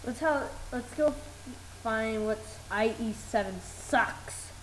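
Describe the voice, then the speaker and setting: A woman's voice: a little high, takes it slowly. A woman co-hosting a casual chat, reading tech news aloud, giggling and stumbling over headlines. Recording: echoey room with faint noise.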